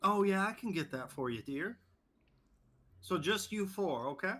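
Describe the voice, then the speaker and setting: A man's voice: high voice, animated, unhurried, fairly bright tone, pitched above the performer's own voice, full character voice. A man voicing a friendly middle-aged waitress in a tabletop game. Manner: sweet, accommodating.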